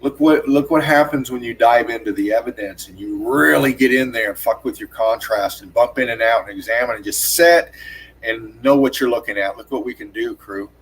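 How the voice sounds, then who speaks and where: A man talks through on-screen footage in an urgent, excited rush, swearing freely and repeating himself. His delivery is emphatic and insistent, with punchy single words that mark each detail he points to. His pitch sits in an ordinary middle range for a man. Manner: urgent, profane, repeats "look at this" constantly; rapid emphatic pointing words like "bam" and "boom". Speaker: channel host narrating screen footage. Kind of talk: excited on-screen analysis commentary.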